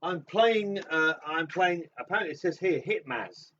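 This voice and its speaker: A man's voice: sits high, moderate pace, a bit bright. A man co-hosting a live show, chatting in a teasing way and explaining things loosely. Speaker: co-host and game streamer. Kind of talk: casual chat. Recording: distant, dull, faintly noisy.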